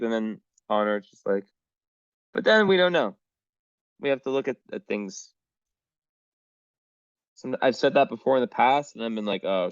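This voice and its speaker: A man's voice: medium pitch, no echo, muffled recording. A man reading astrology charts in a casual, rambling way, full of fillers and the odd swear word.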